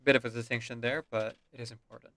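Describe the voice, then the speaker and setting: Man, casual reaction commentator, bright tone, dry close mic. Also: mid-range voice, little pitch movement, quick pace, no echo. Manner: chatty, musing, with filler ums. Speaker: voice actor and streamer.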